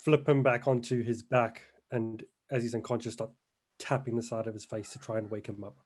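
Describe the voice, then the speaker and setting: A man playing in a tabletop game, slow and hesitant when describing his character's actions. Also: medium pitch, little pitch movement, a little mellow. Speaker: player. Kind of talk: tabletop role-play.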